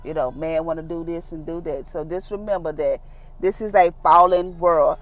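A woman giving a casual daily devotion, talking in a relaxed, down-to-earth way and acting out the voices she quotes. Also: deep voice, moderate pace. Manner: conversational, acts out quoted voices; informal, down-to-earth phrasing. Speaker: devotional speaker.

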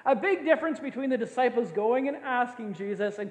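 A man's voice: extremely high pitch, animated, a little fast, hardly any pauses. An older man preaching a sermon as a pastor, playful and often laughing as he acts out scenes. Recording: echoey hall with long reverb.

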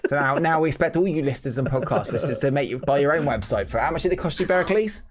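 A man co-hosting a podcast, excitable and rambling, laughing often. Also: a little high, very fast, crowd noise. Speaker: podcast co-host. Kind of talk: casual chat.

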